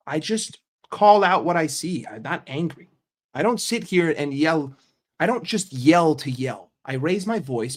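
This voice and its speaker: Brash, profane New man. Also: fairly high pitch. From New York. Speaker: football vlogger. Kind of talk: casual rant to camera.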